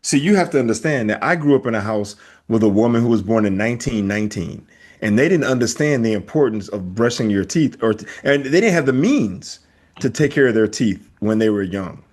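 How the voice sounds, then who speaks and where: A middle-aged man co-hosting a casual podcast, telling stories with lively acted-out voices. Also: on the low side, fairly quick. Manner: animated storyteller, acts out voices. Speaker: podcast co-host.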